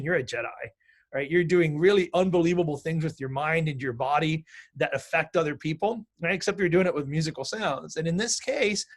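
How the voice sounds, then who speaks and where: A man teaching music and mindfulness in a conversational online class, often asking "right?" to check in with students. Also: on the high side.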